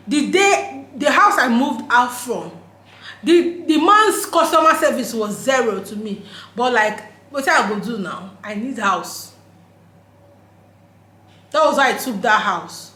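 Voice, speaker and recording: High-voiced Nigerian woman, emphatic, roomy echo. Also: fairly bright tone. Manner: emphatic, laughs often, slips into pidgin phrases. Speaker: vlogger. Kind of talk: casual opinion monologue.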